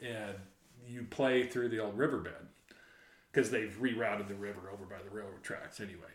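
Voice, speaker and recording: A man telling a story in casual chat, animated, laughing often and acting out the shouted quotes. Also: lowish voice, moderate pace. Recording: roomy echo.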